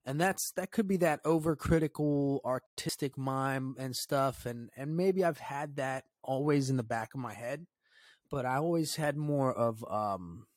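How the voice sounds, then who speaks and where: Profane, rambling male podcast host. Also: no echo. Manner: loose and profane, drops to a low mutter when quoting his own thoughts. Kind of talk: casual solo podcast storytelling.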